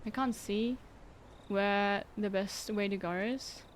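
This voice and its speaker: A woman's voice: mid-range voice, steady tone, slow, slight background noise. A young woman streaming a game, chatting casually with her viewers in a sarcastic, giggly way. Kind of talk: casual gameplay livestream chat.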